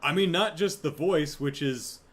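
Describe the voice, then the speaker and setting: There's a faint hiss or hum behind this man's slightly high, fairly bright voice, which keeps a measured pace. He hosts a podcast, rambling through a relaxed solo review while laughing, interrupting himself, and acting out quotes.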